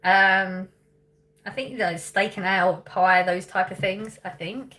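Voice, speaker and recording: On a casual livestream, a thirtysomething woman from England reads out questions from viewers, thinks things through aloud, and laughs a good deal. Her mid-range voice is steady, pushed and bright, delivered at a measured pace.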